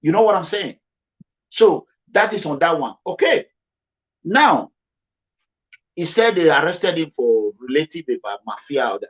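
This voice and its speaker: A commentary vlogger from Edo State speaks with a Nigerian accent, very animated but a little slow, leaving long pauses. He's emphatic and repeats himself for stress, swinging between low and high pitch. The recording has a dull lo-fi sound.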